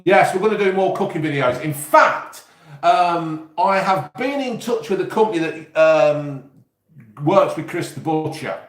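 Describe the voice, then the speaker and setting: Man, East Midlands English accent, high voice, casual live-stream chat, echoey room, rambling and sweary. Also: lively intonation, measured pace. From England. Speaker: YouTube host.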